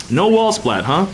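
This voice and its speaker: A man streaming a game, chatting casually with his audience and friends in a rambling way full of fillers and restarts. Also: high voice. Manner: talks to chat and friends, laughs often. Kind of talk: casual livestream chat while gaming.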